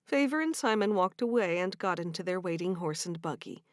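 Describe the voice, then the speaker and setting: Woman narrating a gentle romance audiobook. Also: lowish voice, expressive, brisk, no room sound, clean studio sound. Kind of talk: scripted narration.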